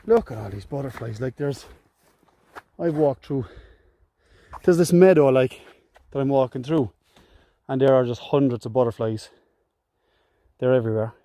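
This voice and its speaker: A young man from Cork, Ireland, with a Cork accent, talks casually to his phone camera while walking alone over an open hillside and meadow. His mid-range, mellow voice moves at a moderate pace with frequent pauses as he rambles and jokes with himself, a solo hiker vlogger.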